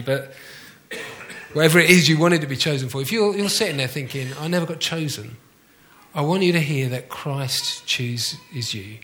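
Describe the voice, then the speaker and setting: A man preaching a conversational sermon to his congregation, often asking them questions and slowly repeating key phrases. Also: a little high, animated, fairly bright tone. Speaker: pastor.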